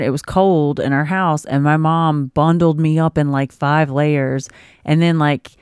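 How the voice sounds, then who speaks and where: A woman's voice: low voice, a little mellow, smooth, dry recording, studio quality. A woman co-hosting a casual podcast, reading parenting advice aloud and breaking off into laughing asides. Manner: reads aloud then riffs with laughing asides. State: expecting a baby. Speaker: podcast co-host.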